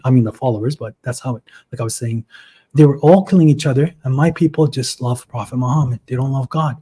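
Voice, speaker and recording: A man in his twenties, appearing as a guest on a video call, tells his story earnestly and emotionally in a casual livestream chat. His mid-range voice moves at a quick pace and sounds mellow and slightly rough.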